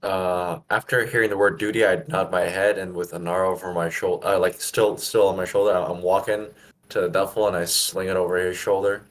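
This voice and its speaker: Deep-voiced man playing a tabletop game. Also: level tone, brisk. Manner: casual, describing his actions. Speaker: player. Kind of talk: casual in-character play.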